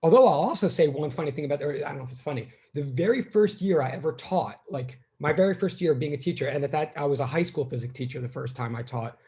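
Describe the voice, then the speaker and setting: A man's voice: a little high, fast, few pauses, warm tone, slightly rough. A man in his fifties, a physics teacher, chatting casually and rambling with his class as students join. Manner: rambling, chatty, self-deprecating.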